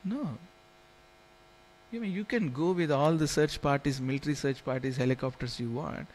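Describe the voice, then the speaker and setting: A man's voice: a little high, moderate pace, darkish tone, slight background noise. A man teaching a scripture class in a temple hall, telling stories and often asking if listeners understand. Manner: storytelling, keeps asking "you understand?", chuckles.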